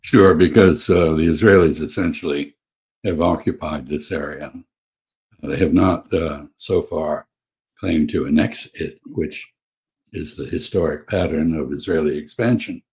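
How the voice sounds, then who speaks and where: A former ambassador speaks in a very deep, husky voice. He is measured and hesitant, pausing on fillers as he recounts stories in a casual discussion. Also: darkish tone.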